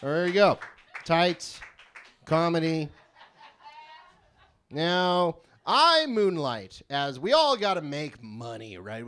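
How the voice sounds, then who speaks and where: A young man from California doing a live stand-up set in a small venue, deadpan and prone to rambling digressions. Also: on the high side, measured pace. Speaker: stand-up comedian.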